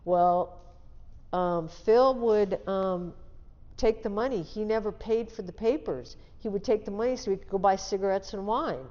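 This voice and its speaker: With a dark tone, medium pitch and moderate pace, a sixty-something woman from the Seattle area talks openly and plainly about her life in an interview. The recording is lo-fi and dull, soaked in long reverb.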